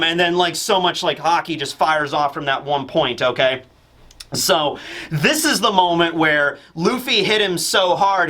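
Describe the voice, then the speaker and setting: Upbeat male reviewer, high voice, bright tone, jokey and rambling. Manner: animated, joking, lots of fillers. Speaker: manga reviewer. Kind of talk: casual comedic chapter review.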